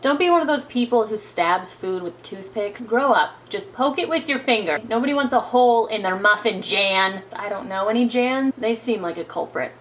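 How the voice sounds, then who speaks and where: A woman's voice: mid-range voice, lively intonation, normal speed, few pauses, echoey room, slight background noise, rough recording. A young woman hosting a casual home cooking video, playful and jokey with chatty asides as she bakes in her kitchen.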